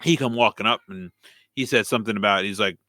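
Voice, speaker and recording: A young man co-hosting a casual podcast, telling animated stories full of swearing and acted-out quotes. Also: fairly low pitch, fast, dry recording, clean studio sound. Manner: animated storyteller who swears freely and acts out quotes. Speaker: podcast co-host. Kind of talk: casual chat.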